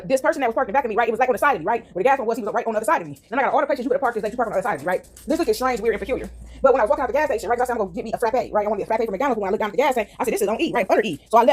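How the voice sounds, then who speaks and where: Woman vlogger, rambling animated storyteller, talks very fast, slightly high voice. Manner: rambling, says "right?" constantly; animated, dramatic. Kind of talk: casual storytelling monologue.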